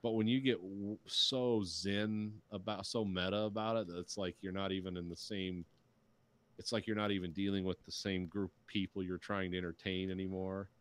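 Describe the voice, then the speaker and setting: Delivering his lines flatly in a low voice at a moderate pace, a middle-aged man co-hosts a podcast. In casual chat he rants, swears freely and mocks what he dislikes by quoting it.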